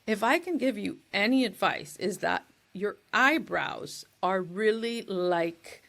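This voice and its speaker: Woman co-host, casual podcast talk, fry in the voice, rambly and loose. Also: mid-range voice, lively intonation, takes it slowly, fairly bright tone. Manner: chatty, rambling, loses her words.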